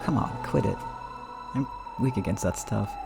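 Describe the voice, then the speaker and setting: A man's voice: fairly low pitch, moderate pace, vocal fry, music in the background. A man voicing a brash young man who speaks in a teasing, incredulous way. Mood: skeptical. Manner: loud, incredulous.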